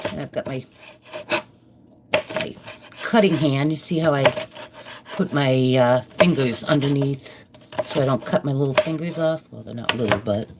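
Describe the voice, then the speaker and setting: A middle-aged woman chatting casually to viewers while cooking live in her home kitchen, rambling and friendly with her audience. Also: low voice. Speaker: live-stream cooking vlogger. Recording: kitchen noise under the voice. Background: chopping and kitchen clicks.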